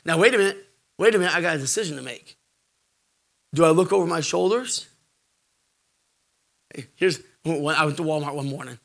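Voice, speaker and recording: Male preacher, middle-aged, bright high voice, lively delivery swinging from shouts to hushes. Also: a little fast, gravelly, pauses often. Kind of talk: sermon.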